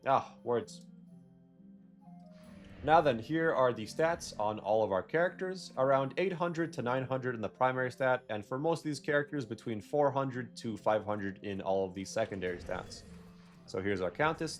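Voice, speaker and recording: A man's voice: mid-range voice, animated, normal speed, faint music behind. A young man giving casual, rambling gameplay commentary, correcting himself and drifting into jokey rants. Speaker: gaming video creator.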